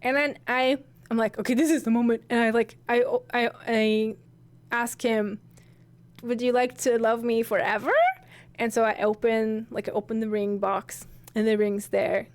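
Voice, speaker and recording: A woman's voice: fairly high pitch, level tone, moderate pace. A young woman streamer telling a story casually to her chat, rambling and giggly with many restarts.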